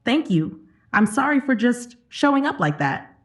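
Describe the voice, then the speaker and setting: A woman's voice: a little high, sing-song, moderate pace, pitched above the performer's own voice. A woman voicing a heartbroken young woman who has been drinking, her speech slurred, raw and unsteady. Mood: sheepish.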